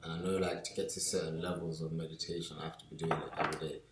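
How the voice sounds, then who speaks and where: A young man talks in a low, deep voice, loose and full of slang. He gets lively when he acts out his friends. The room around him is echoey. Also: very fast, very noisy. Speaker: podcast co-host. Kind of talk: casual chat.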